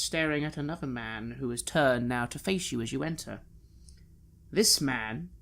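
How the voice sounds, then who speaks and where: Running a tabletop horror game, the game master narrates in a gravelly, somewhat bright voice on the higher side. He paints each scene with vivid, detailed description.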